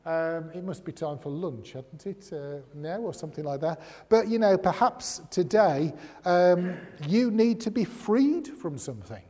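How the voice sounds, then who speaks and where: A man's voice: high voice, expressive, measured pace, hardly any pauses, warm tone. A man giving a sermon in a chatty way, with humorous asides and rhetorical questions. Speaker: preacher. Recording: long reverb of a large hall.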